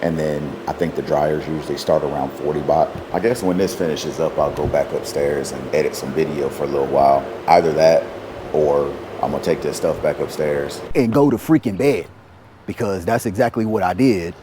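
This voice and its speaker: Man, casual vlogger, very low voice, joking and chatty, noisy street background. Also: steady tone, normal speed. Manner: laid-back, joking, chatty. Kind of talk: casual vlog narration. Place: outdoors on city streets, market and laundromat.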